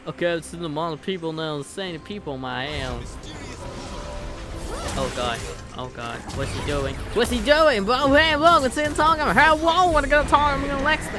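Excitable young gamer shouting over music. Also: male voice, extremely high pitch. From Philippines. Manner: excitable, bursts of loud exclamations. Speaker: gaming channel host. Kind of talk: live gameplay commentary. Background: game music.

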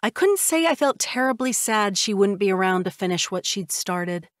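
A woman narrating a fiction audiobook in the first person, with a steady, even delivery. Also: medium pitch, normal speed, no room sound, studio quality.

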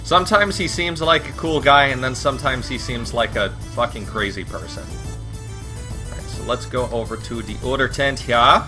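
A man casually commenting on a game, reading its lines aloud, swearing and joking with sudden loud outbursts. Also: medium pitch, normal speed, faint music behind. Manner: profane, joking, animated outbursts. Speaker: let's play commentator.

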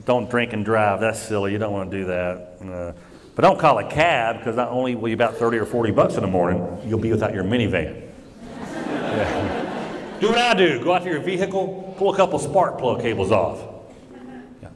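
A middle-aged man from Kentucky with a Kentucky accent, doing stand-up comedy with animated storytelling on a large theater stage. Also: lowish voice, fairly quick, a little hiss or hum. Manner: animated storytelling with yelps and put-on voices. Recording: live theater mic, hall echo, loud crowd.

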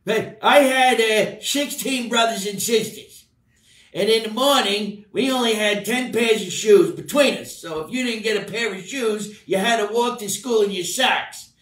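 A cranky old uncle, as a comedian puts him on, barks insults in a shrill, raised voice. He scolds everyone as stupid. The room sounds big and echoey, and the mic sits some way off. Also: moderate pace, a bit bright. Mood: boasting. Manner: barking, scolding. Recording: roomy, distant mic.

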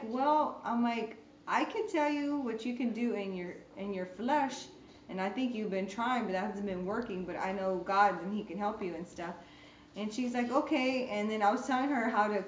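A woman sharing a testimony in a casual group discussion, telling a chatty story and acting out both sides of the conversations. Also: fairly high pitch. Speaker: beauty business owner sharing a testimony. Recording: roomy, dull recording with faint background noise.

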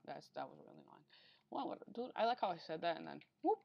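A woman's voice: deep voice, expressive, fairly quick, vocal fry, a little mellow. A woman giving unscripted gameplay commentary during a speedrun attempt, rambling, talking to herself and getting easily frustrated. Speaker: gamer recording a speedrun attempt.

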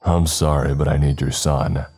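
A man's voice: level tone, moderate pace, darkish tone, breathy edge, soft background music, full character voice. Man putting on Mister Grimm, a gurgling demon boy. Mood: coaxing. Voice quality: deep and gurgling. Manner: coldly polite, threatening. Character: menacing demonic ghost boy, male, gurgling.

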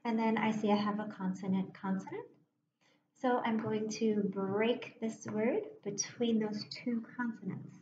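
A woman teacher giving a phonics lesson to young children, speaking slowly and clearly with encouragement. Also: on the high side, steady tone. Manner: slow, clear, encouraging classroom delivery. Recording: roomy, dull lo-fi classroom recording with faint noise.

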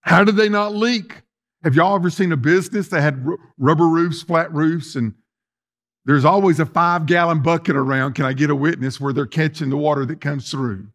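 A male pastor preaches in a fairly high voice. He is folksy and animated, swinging from loud emphasis to quiet asides while he talks straight to his congregation. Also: moderate pace. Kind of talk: sermon.

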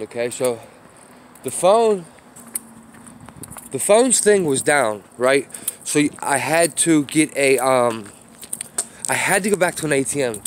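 Recorded on a phone with a little hiss or hum, a medium-pitched man walks a city street while vlogging, ranting casually through a long story. He's rambling and profane, with apologetic asides.

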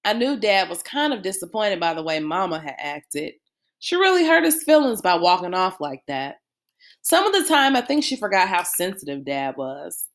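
A woman reading a novel aloud with expressive storytelling. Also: on the low side, moderate pace. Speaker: reader.

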